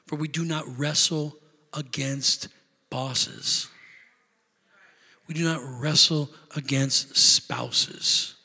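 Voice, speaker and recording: A man preaching a sermon as pastor, building to loud emphatic peaks and dropping into quieter asides. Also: a little high, vocal fry, husky, in a large hall. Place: church sanctuary.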